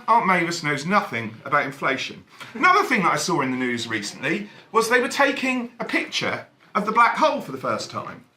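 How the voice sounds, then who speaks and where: A man performing a stand-up comedy set in a cabaret bar, wry and deadpan with sudden animated outbursts. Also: high voice. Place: cabaret bar venue, echoey room. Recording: echoey room, faint ambience.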